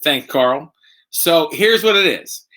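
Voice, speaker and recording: Slightly drunk dude rambling on a home stream, lots of ums, bright tone. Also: male voice, on the high side, lively intonation, slow pace. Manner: rambling, joking, many fillers. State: tipsy. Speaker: host. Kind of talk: casual live-stream chat.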